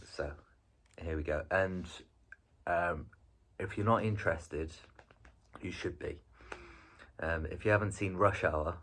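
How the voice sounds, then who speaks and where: A man's voice: low-pitched, a bit bright. A man presenting a casual, chatty language lesson on video, rambling a little with frequent ums and restarts. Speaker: video presenter teaching Chinese.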